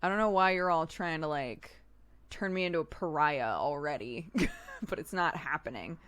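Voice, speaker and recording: A woman's voice: low-pitched, normal speed, a bit bright. A woman hosting a live stream in casual chat, giggly and chatty, laughing often. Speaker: streamer host.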